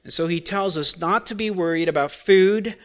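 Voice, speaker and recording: A man preaching an expository sermon, deliberate and full of rhetorical questions. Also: sits high.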